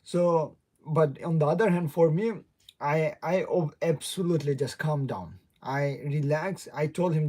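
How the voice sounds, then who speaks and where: A man's voice: on the high side, unhurried, a little mellow. A young man with a non-native English accent, hosting a rambling, casual livestream chat, laughing often and greeting viewers. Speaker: livestream host. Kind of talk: casual live stream chat.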